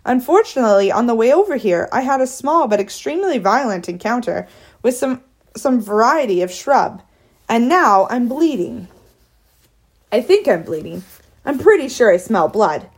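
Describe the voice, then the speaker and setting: A woman voicing a young boy with a high, thin voice who talks in an anxious, overly formal way. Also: sing-song, normal speed, breathy edge, full character voice.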